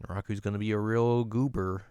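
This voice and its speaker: A man's voice: on the low side, steady tone, brisk, warm tone, clean tone, no room sound, clean studio sound. A man co-hosting a podcast, recapping an anime episode in casual chat and slipping into goofy quoted character voices. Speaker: podcast co-host.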